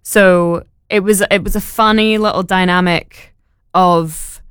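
A woman's voice: fairly low pitch, fairly even intonation, a little slow, a bit bright, clean tone, no echo, studio quality. Young woman, bubbly and giggly. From Edinburgh. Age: 20s. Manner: bubbly, laughs often, fillers. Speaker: actor, guest. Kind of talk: casual interview.

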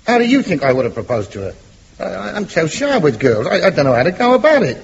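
Gushing lovestruck bloke, a bit high, muffled old radio sound with an audience. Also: male voice, wildly swooping pitch, fast, creaky, a little hiss or hum, full character voice. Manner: mock-lyrical, sentimental gushing. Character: lovesick bashful man, cheeky and sentimental. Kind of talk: 1950s radio comedy acting.

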